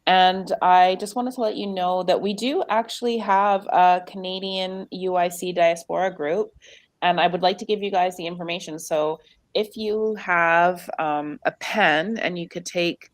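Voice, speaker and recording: Chatty woman host for a casual livestream, a bit low-pitched, dry and close. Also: fairly even intonation, dry recording. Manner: chatty, reads numbers out slowly. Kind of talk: casual chat.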